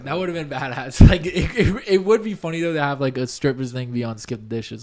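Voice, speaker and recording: A man's voice: on the high side, brisk, hardly any pauses, darkish tone. A man hosting a podcast, telling a story in casual chat and laughing often. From Canada. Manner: laughs often, tells stories with quoted voices. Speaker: podcast host.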